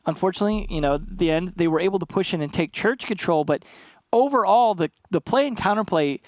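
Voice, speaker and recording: A man's voice: sits high, expressive, quick pace, dry recording. A man giving casual, analytical color commentary on an esports match, laughing easily between points. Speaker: esports caster.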